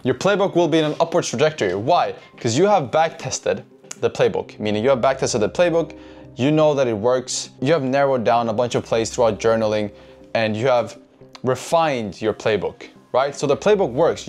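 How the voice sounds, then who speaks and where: A man's voice: medium pitch, lively intonation, moderate pace, a little mellow. A man giving a casual trading lesson, cursing freely, addressing his chat and tagging lines with "right?". Faint music sits underneath. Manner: profane, keeps asking "right?", addresses chat. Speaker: trading educator.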